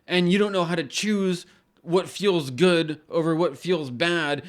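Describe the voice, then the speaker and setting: A man's voice: a little high, unhurried. A man hosting an astrology channel, talking in a casual rambling monologue with many restarts and casual swearing.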